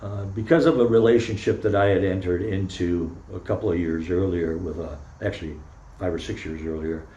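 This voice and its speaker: Older man, low voice, roomy sermon. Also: mellow, lo-fi sound. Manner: candid, halting storytelling with frequent pauses and fillers. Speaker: Zen priest giving a dharma talk. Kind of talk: informal personal sermon. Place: temple meditation hall. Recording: roomy echo.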